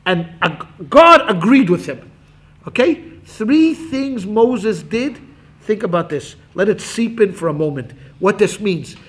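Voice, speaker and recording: A rabbi with a high voice teaches a Talmud class, animated as he acts out quotations and tosses quick asides to his students.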